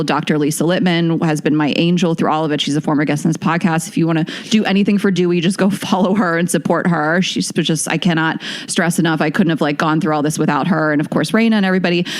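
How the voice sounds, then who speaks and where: Halting, low-voiced woman podcast host. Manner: halting, emotional, with nervous laughs and restarts. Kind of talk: casual podcast chat.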